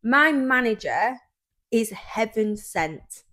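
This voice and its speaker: A woman's voice: a little high, expressive, slow, fairly bright tone, slight background noise. A British woman co-hosting a podcast, chatting casually and enthusiastically, often repeating herself. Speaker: podcast co-host. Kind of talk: casual chat.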